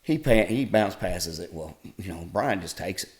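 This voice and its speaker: A middle-aged man, a podcast guest, telling old school sports stories in a folksy, animated way. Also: low voice, normal speed. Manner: folksy, animated retelling with laughs. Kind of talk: casual storytelling.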